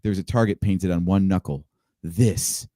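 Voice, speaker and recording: A man's voice: deep voice, unhurried, warm tone, no room sound, studio quality. A man co-hosting a podcast, reading a script aloud as grand, theatrical narration. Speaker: podcast co-host.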